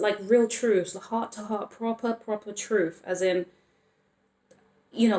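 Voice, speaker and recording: A woman's voice: medium pitch, a little mellow. Rambling woman reading tarot. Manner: rambling, self-interrupting, laughs often. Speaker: tarot reader. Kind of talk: casual tarot reading to camera. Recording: roomy echo.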